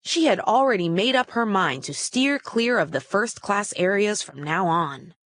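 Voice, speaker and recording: A woman's voice: medium pitch, expressive, unhurried, a bit bright, no room sound. Woman reading a children's story. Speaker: storybook reader. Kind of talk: children's story read-aloud.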